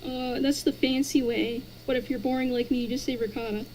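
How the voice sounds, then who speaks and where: A woman streamer chatting as a guest with dry, deadpan humor. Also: high voice, a little fast, slight background noise, poor audio. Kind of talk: casual chat.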